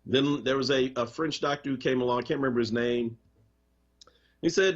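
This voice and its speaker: A man hosts a live radio talk show, reading listener comments in an impassioned, conversational, emphatic way. His mid-range voice moves a little fast, heard through a muffled radio stream.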